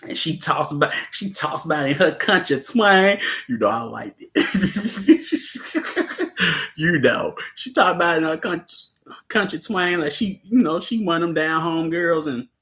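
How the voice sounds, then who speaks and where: A man's voice: a little high, lively intonation, a little slow, fairly bright tone. A man hosting a casual livestream about a film, laid-back, laughing often and chatting with viewers. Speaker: host discussing a film.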